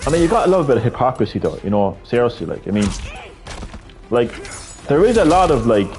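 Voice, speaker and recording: Irish man, casual monologue, rambling, lots of fillers, swears, mellow voice. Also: mid-range voice, very animated, fast. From Ireland. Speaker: video creator.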